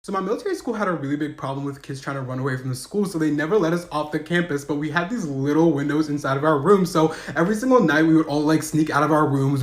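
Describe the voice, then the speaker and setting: Fast, animated young man telling stories. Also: echoey room. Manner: fast, animated, voice shooting up high and loud at punchlines. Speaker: storyteller. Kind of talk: comedic storytime monologue.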